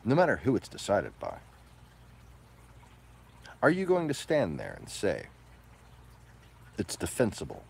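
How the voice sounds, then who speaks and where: Man, deep husky voice, lively swooping pitch, profane combative rant. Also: unhurried, long pauses. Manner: profane, combative, swinging from low mutters to loud outbursts. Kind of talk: ranting monologue to camera.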